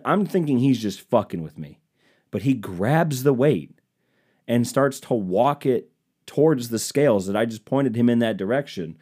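A man's voice: fairly low pitch, a little mellow. A young man hosting a podcast who tells comic stories in a casual, profane, self-deprecating way. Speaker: podcast host. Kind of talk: comedic storytelling monologue.

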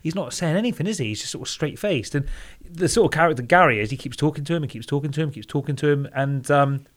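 A British man co-hosting a relaxed film podcast, speaking at a brisk clip with a slightly raised pitch. He is chatty and laughs often, tagging his remarks with little questions like "don't they?". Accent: British English. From Britain. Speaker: podcast co-host. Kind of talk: casual film chat.

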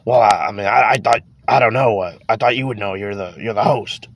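Gravelly fast co-host put on by the host, husky, stuttering starts, slightly distant. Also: male voice, fairly low pitch, dry recording. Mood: insistent.

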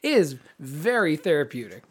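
A man's voice: on the high side, big pitch swings, moderate pace, slightly rough. Rambly, laughing man on a podcast. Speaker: podcast co-host. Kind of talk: casual chat.

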